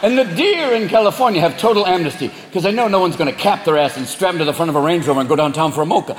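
A man doing stand-up comedy, animated and profane, acting out voices before a live audience. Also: fairly high pitch, racing, a little hiss or hum. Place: large venue with audience. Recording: echoey live venue, loud crowd laughter.

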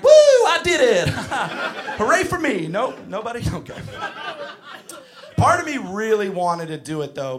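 A man's voice: high voice, fairly bright tone. A man doing a stand-up comedy set, self-mocking, with bits where he playacts a wrestling villain. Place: comedy club stage. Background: audience laughter.

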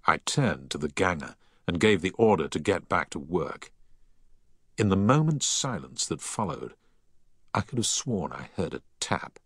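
A man reading a story aloud in the first person, with a deep but bright, forward tone. His pitch moves expressively through the sentences, recorded close and dry. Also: big pitch swings, unhurried, slightly rough, no echo. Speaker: narrator. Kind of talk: audiobook narration.

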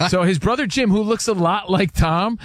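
Male radio co-host, eager storyteller, a bit high-pitched, dry studio sound. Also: normal speed, no echo. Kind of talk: casual radio chat.

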